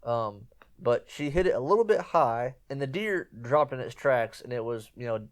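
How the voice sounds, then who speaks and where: A man's voice: medium pitch, moderate pace. A man hosting a podcast, telling a hunting story in a rambling, casual way and repeating himself. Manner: rambling, repeats himself, quotes others in lively voices. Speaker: podcast host.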